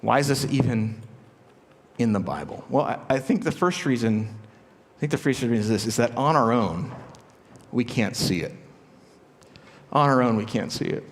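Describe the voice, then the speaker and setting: A man's voice: mid-range voice, lively intonation, normal speed, long pauses. A man preaching a sermon as a pastor, chatty and joking, with asides and rhetorical questions. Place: large church sanctuary. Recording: long church reverb.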